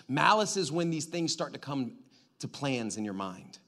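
Man, pastor, sermon, high voice, lively and joking, call-and-response with the crowd. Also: measured pace.

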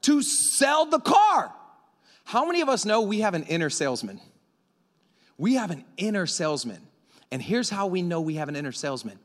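A man preaching a sermon into a microphone, animated and breaking into yelling at times. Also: high-pitched, moderate pace. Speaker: pastor. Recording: reverberant hall.

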